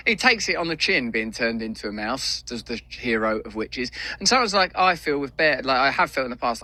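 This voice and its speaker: A man's voice: medium pitch, lively intonation, brisk, few pauses, pushed and bright, no echo. A middle-aged man, musing in a rambling, philosophical monologue. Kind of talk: reflective monologue.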